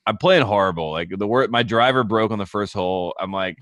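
Man, podcast co-host, fast talker, rambling self-deprecating stories, dry close mic. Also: lowish voice, fairly bright tone, dry recording. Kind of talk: casual chat.

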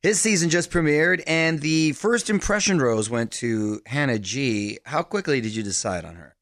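A middle-aged man hosts a radio interview with friendly, brisk energy. His voice is recorded dry and close in the studio. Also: mid-range voice, animated, a bit bright, no echo. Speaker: radio show host. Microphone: studio microphone.

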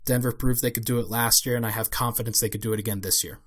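A man's voice: mid-range voice, steady tone, quick pace, a bit bright. A young man giving a solo casual basketball analysis as a podcast host, thinking aloud with fillers and restarts.

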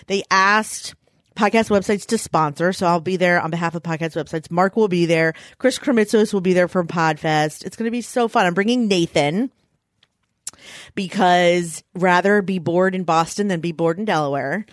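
A woman in her thirties co-hosting a podcast, telling stories in a quick, animated way and swearing casually. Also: fairly low pitch, dry recording, studio quality. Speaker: podcast co-host. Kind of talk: casual chat.

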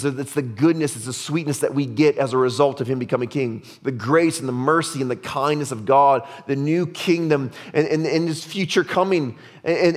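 A pastor delivers his sermon conversationally, frequently tossing in "right?" to check on his listeners and dropping to a low, soft voice for emphasis. His voice is a little higher than the typical man's, and the church hall adds a long reverb.

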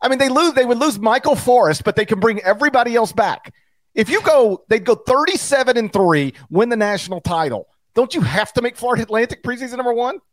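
High-voiced man bantering on a podcast. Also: lively intonation, quick pace, no echo. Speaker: podcast co-host. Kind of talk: casual sports podcast chat.

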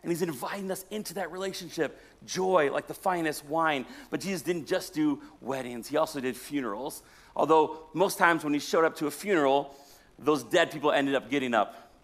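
A man, a pastor, preaching a sermon as a storyteller who jokes with the congregation and swings between loud and hushed delivery. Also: on the high side, normal speed.

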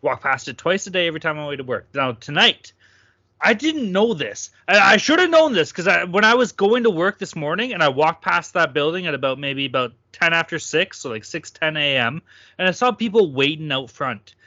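A hyped-up male podcast host from Toronto with a bright, forceful voice that sits a bit high. He talks loud and swears freely through casual banter. The audio is dry and dull, like a lo-fi podcast mic. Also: expressive, fairly quick, no echo. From Toronto, Canada.

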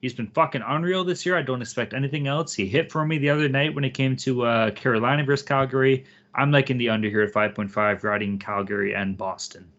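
A man's voice: mid-range voice, quick pace, few pauses, fairly bright tone, highs cut off. A man co-hosting a sports betting podcast, casual, profane and hyped as he talks. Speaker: podcast co-host.

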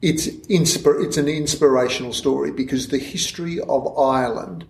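An Australian man, an author guest in an interview, telling stories in animated, digressive bursts. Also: medium pitch, moderate pace, vocal fry. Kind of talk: conversational storytelling interview. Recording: roomy echo in a room.

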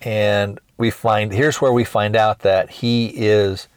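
A man's voice: lowish voice, steady tone, slow, clear, resonant tone, dry recording. A man hosting a podcast, retelling a film plot in a rambling, hesitant way with many restarts. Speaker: podcast host. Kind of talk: casual movie review recap.

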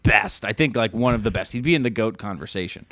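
A man's voice: lowish voice, fast talker, no room sound. A man co-hosting a casual sports podcast, easygoing, trading stats and jokes. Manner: easygoing, lots of fillers and restarts. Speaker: podcast co-host.

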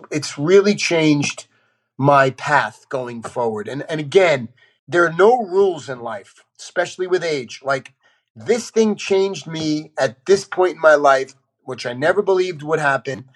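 Speaking a little slowly in a fairly high voice, an actor on a podcast as a guest recounts candid stories. His delivery is blunt and animated, with casual swearing throughout.

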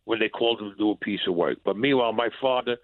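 A man's voice: fast talker, dry recording. A New man recounts an old story, animating every line of remembered dialogue. His voice comes through a tinny phone line, close and dry with no room sound. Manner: animated storyteller who acts out dialogue with rising pitch. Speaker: interview guest.

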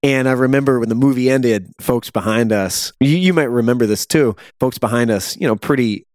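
A man co-hosting a casual movie review chat, animated and exasperated, laughing often. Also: medium pitch, a little fast, no room sound, studio quality. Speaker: movie review podcast co-host.

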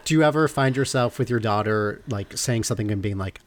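A man's voice: on the low side, fairly quick. Enthusiastic male podcast host. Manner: enthusiastic, brief reactions. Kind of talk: casual interview.

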